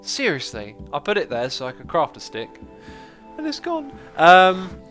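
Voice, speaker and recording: A man hosting a casual gameplay livestream, chatting, thinking out loud and answering viewer comments. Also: high-pitched, huge pitch swings, measured pace, faint music behind. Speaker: livestream host.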